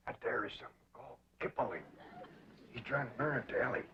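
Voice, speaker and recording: A middle-aged actor with a rural Southern accent playing a calm, plain-spoken hillbilly patriarch with dry folksy remarks, in a 1960s sitcom. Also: male voice, medium pitch, quick pace, natural voice. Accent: rural Southern American. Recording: muffled 1960s TV soundtrack with loud hiss.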